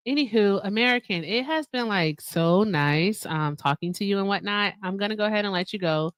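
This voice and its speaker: A woman's voice: medium pitch, animated, fairly quick, clean tone, no echo. A woman co-hosting a livestream, chatty and upbeat, laughing often. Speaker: livestream co-host. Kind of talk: casual livestream chat.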